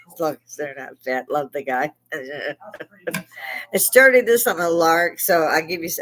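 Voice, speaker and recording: A woman's voice: deep voice, fairly bright tone, rough recording. An older woman from Chicago hosting a live stream, telling casual stories with frequent laughter and plenty of swearing. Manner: salty, laughs often, swears freely. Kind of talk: casual storytelling chat.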